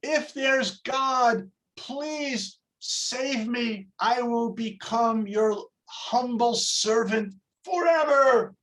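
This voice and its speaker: A man's voice: sits high, animated, fairly bright tone, exaggerated voice. Brief: a stranded man on a cliff, pleading in a stretched-out, raised voice, as a man acts him out. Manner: drawn-out, pleading. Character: man dangling from cliff branch, begging God.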